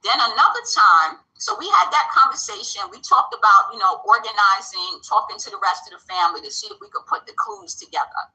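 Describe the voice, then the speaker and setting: A woman's voice: medium pitch, a little fast, few pauses, rough recording. A woman vlogger telling a personal story in a casual way, acting out the voices of the people she quotes, with speech. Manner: animated, acts out quoted dialogue.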